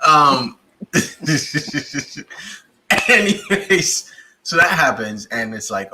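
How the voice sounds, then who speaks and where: A man co-hosting a casual review chat, retelling scenes in a lively way and jumping into high-pitched bursts when he acts out characters. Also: very slow, long pauses, background noise. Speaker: podcast co-host reviewing a TV series.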